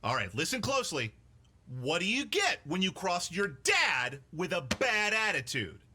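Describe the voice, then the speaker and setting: A man's voice: sits high, very animated, normal speed, bright, forceful tone, heavily acted. A man voicing a stern, fed-up father. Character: weary stern cartoon dad. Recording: clear noise behind.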